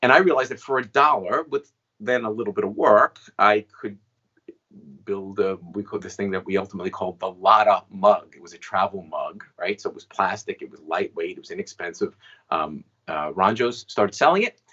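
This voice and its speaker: Chatty man in his fifties, low voice. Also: fairly quick, bright, forceful tone, slightly rough, muffled recording. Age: 50s. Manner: chatty, frequent "right?" asides. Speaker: guest magician and inventor. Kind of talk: storytelling interview answers.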